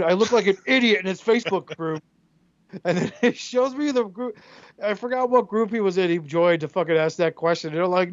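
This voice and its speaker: A man co-hosting a podcast in casual chat, swearing freely and telling animated stories. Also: high voice, fairly quick, no room sound, highs cut off. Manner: profane, animated storyteller who acts out quotes. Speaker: podcast co-host.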